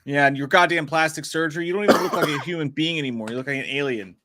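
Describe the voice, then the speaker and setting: A man's voice: a little high, very fast, pushed and bright, no room sound, clean studio sound. A man co-hosting a live show, reading out chat comments with loose, jokey banter. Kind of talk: crude casual banter.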